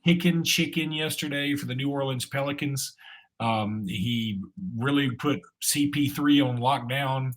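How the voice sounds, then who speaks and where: With a mid-range voice and measured pace, this man co-hosts a sports podcast. He keeps things chatty and loose, often restarting sentences and leaning on filler words.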